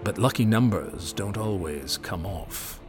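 A man's voice: on the low side, lively intonation, measured pace, faint music behind, pitched below the performer's own voice. A man reading aloud, voicing a vain, cunning old male dragon who speaks in a sneering way. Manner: sneering, scoffing.

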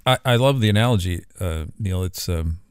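A man's voice: low voice, moderate pace, smooth, no echo, clean studio sound. A man hosting an interview, responding thoughtfully with many hesitations. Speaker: interview host. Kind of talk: casual interview talk.

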